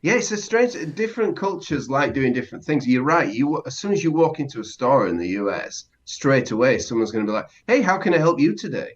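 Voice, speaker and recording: A man's voice: medium pitch, very animated, brisk, hardly any pauses, muffled recording. A man co-hosting a casual podcast lesson as the learner, curious and hesitant, often restarting sentences. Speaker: co-host and learner.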